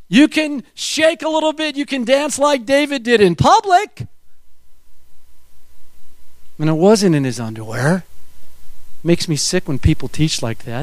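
Animated high-pitched preaching man. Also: normal speed, dry recording. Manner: animated, acts out voices and quotes. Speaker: pastor. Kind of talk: sermon.

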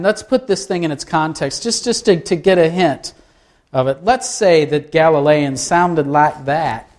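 A pastor with a fairly high, darkish voice preaches conversationally, posing rhetorical questions to his listeners.

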